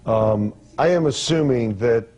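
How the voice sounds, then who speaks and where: Man, tv courtroom judge, husky voice, businesslike questioning. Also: medium pitch, measured pace, a little mellow.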